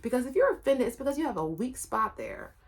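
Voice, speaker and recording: A woman's voice: sits high, sing-song, fast talker, slightly rough. A woman running her own channel, telling a personal story in a casual, rambling and emphatic way, often repeating her phrases. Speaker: channel creator.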